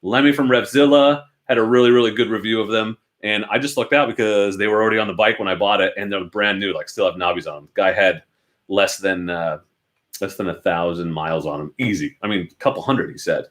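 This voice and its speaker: Speaking a little fast in a lowish, fairly bright voice, a young adult motorcycle host from Oregon, United States, answers viewers from his home garage. His manner is casual and self-deprecating.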